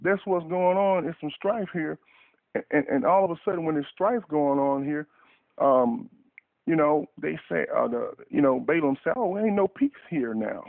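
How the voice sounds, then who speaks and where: A man's voice: fairly high pitch, moderate pace, creaky, no echo. A man preaching a fervent radio sermon, repeating and restarting words in bursts, heard over a dry phone line.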